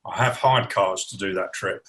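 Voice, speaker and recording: An older man in casual chat, answering in a halting way with false starts and restarts. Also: sits low, a bit bright, poor audio. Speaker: father of the vlogger.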